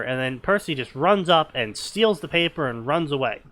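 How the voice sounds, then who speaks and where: A man's voice: on the high side, expressive, moderate pace, hardly any pauses, sharp tone, no echo. A young man reading fanfiction aloud with sarcastic comic commentary, mocking the story as he goes. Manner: sarcastic, mocking, breaks into laughter. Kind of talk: comedic dramatic reading with commentary.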